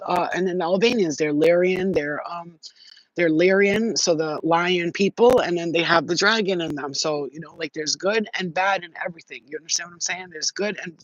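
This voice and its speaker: Slangy, animated woman on a dull recording. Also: fairly low pitch, no room sound. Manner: animated, slangy, swears, laughs often, many "you know what I'm saying". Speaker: spiritual channel host. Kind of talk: casual livestream chat.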